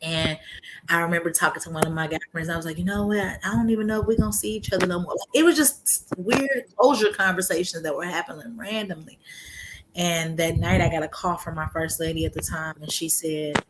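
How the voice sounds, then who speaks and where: A woman's voice: lowish voice, fairly quick, noisy background. A woman, telling her faith testimony in casual chat, acting out quotes and laughing often. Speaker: guest sharing her testimony.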